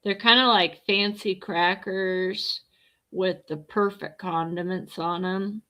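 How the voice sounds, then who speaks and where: Middle-aged woman, bright-voiced, casual livestream host answering chat bluntly. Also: medium pitch. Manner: blunt, chatty, reads and answers viewer comments. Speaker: livestreamer chatting with viewers.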